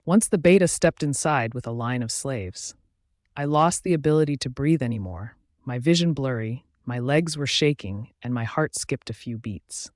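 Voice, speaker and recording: A man reading a first-person fantasy romance as an audiobook, in a steady, expressive voice. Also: medium pitch, moderate pace, no room sound, clean studio sound. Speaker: audiobook narrator.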